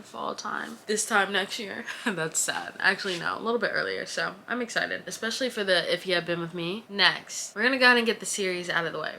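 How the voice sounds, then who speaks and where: A woman in her twenties chatting casually to camera about books, animated and dramatic in her reactions. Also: medium pitch, a little hiss or hum. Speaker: book vlogger.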